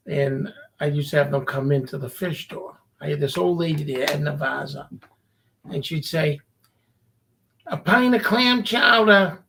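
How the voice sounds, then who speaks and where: A man tells a story in a relaxed, chatty way, slipping into the voices of the people he quotes. His voice sits a touch high for a man and has a gravelly, rough edge. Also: normal speed, a little hiss or hum. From Revere, Massachusetts. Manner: animated anecdote-telling, acting out quoted people. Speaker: guest. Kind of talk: casual storytelling.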